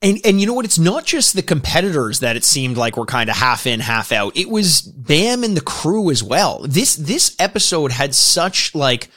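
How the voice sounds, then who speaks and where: A man's voice: on the high side, sing-song, moderate pace, hardly any pauses, pushed and bright. A Canadian man co-hosting a podcast, chatting casually with lots of restarts, laughs and swearing. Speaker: podcast co-host. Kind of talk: casual podcast chat reviewing a show.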